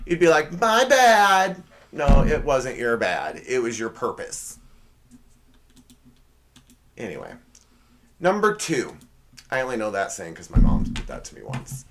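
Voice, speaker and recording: A man hosting a comedy podcast, talking through a casual monologue with sarcastic, rambling asides and quick self-corrections. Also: mid-range voice, a bit bright. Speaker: podcast host.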